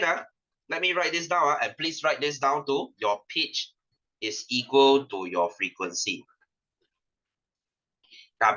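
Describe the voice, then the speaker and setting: A young man with a Malaysian English accent teaches an online science class in a slightly high, sharp voice, playful and teasing and laughing often. His webcam microphone gives the audio a dull, lo-fi quality.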